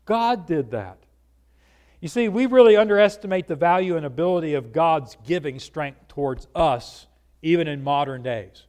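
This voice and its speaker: A man preaching a conversational sermon, earnest and animated, often asking his listeners rhetorical questions. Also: on the high side, normal speed.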